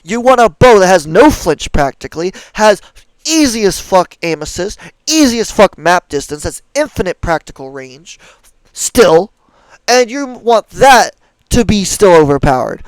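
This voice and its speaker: Young male streamer, exasperated profane rant, clear voice in a dead room. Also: high voice, very animated, measured pace, dry recording, rough recording. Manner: angry, profane, exasperated ranting. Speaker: gaming streamer. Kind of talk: ranting gameplay commentary.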